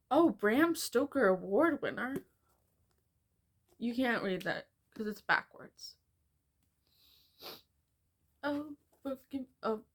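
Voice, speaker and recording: A young American woman rambling casually and self-mockingly through a book haul, filling her talk with "like". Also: mid-range voice. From United States. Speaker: book vlogger.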